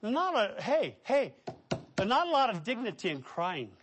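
High-voiced emphatic male preacher. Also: sing-song, normal speed, husky. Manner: swings from loud preaching to soft asides; emphatic word lists, direct questions to the congregation. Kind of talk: sermon.

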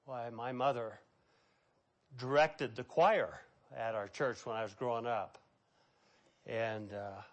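A man preaching a sermon, reading scripture aloud and acting out quotes with a dramatic, preachy delivery. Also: mid-range voice. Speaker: pastor.

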